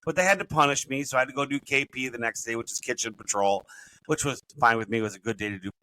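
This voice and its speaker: A man's voice: medium pitch, fast, sharp tone, a little hiss or hum, low-quality recording. A middle-aged man, a podcast guest and business coach, telling his stories in a rambling, self-correcting way. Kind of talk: casual storytelling interview.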